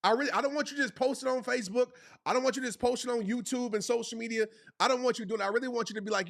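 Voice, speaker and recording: A man with a very high, creaky, fairly bright voice talks very fast as he hosts a livestreamed motivational talk. He's passionate and pushy, repeating phrases for emphasis, using casual slang and calling his audience "y'all."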